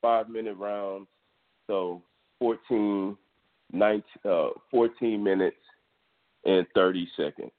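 Texan guy, deep voice, loose and profane podcast host, phone-quality sound. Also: fairly even intonation, measured pace, long pauses. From Texas, US. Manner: loose, profane sports storytelling. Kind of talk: casual monologue. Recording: tinny phone-like audio.

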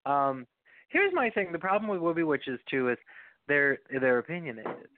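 A man's voice: on the high side, sing-song, normal speed, slight background noise. A man co-hosting a podcast, telling an anecdote wryly and laughing now and then. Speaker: podcast co-host. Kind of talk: casual chat, storytelling. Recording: tinny phone-like sound.

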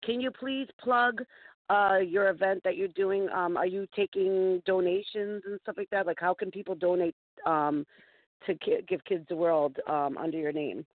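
A woman's voice: fairly low pitch, steady tone, normal speed, dry recording. A woman hosts a casual talk show and jokes with her guest in a teasing way before she thanks her. The sound is thin and phone-like. It is also dry. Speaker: host. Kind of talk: casual podcast hosting. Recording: tinny phone-like line, dry.

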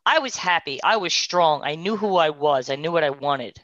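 A woman sharing a heartfelt personal testimony, moving between hushed, tearful moments and animated, laughing bursts. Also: deep voice, moderate pace, no echo. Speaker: guest sharing a personal story. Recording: dry, dull lo-fi sound.

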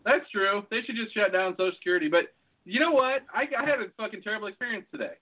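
A high-voiced man tells a profane story in casual chat and acts out both sides of a phone call. The sound is thin and tinny, like a phone line. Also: quick pace. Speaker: podcast co-host.

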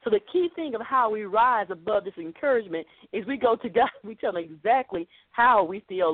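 A woman's voice: medium pitch, animated, brisk, few pauses, no echo. Woman preaching over a phone-like line. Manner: earnest, conversational preaching. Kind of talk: podcast sermon. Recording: dry, phone-like narrow sound.

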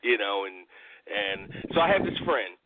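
A man's voice: lowish voice, very animated, a little slow, background noise. A man in his thirties, a podcast host, talking about wrestling in a wry, jokey, casual way. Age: 30s. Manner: wry, jokey, calls himself a scumbag. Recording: phone-line audio, dry.

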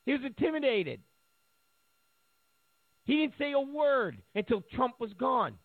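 A man's voice: extremely high pitch, sing-song, unhurried, no room sound. A man delivering a sarcastic, mocking political rant, acting out the voices he quotes. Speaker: political commentator. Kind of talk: ranting monologue. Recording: tinny phone-like line, dry.

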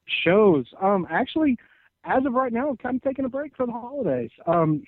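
A man in his twenties, a wrestler guest on a podcast, answering casually with many halting pauses. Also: very high-pitched, big pitch swings, no echo. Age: 20s. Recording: tinny phone-like sound.

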